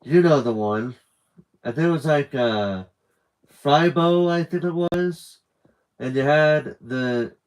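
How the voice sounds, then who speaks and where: A man's voice: medium pitch, poor audio. A man reading a novel aloud on a live stream, casually breaking off for rambling side comments. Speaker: novel reader.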